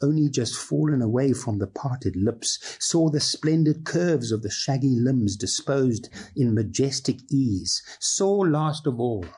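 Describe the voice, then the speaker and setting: A man preaching a sermon, reading aloud expressively and slipping into casual asides, with a husky voice. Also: mid-range voice, animated, a little slow, hardly any pauses, darkish tone. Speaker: pastor.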